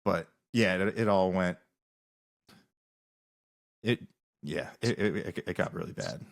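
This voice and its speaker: A man's voice: deep voice, takes it slowly, vocal fry. A man, a musician guest on a podcast, telling rambling stories in casual interview talk with many restarts.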